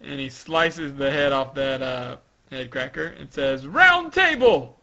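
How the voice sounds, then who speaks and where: A man's voice: mid-range voice, steady tone. A young man hosting a casual podcast, hesitantly walking through a comic chapter with many fillers. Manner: slow, hesitant, reading out quotes with shouted emphasis. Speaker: podcast host. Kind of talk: casual chat recapping a manga chapter. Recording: dull lo-fi sound.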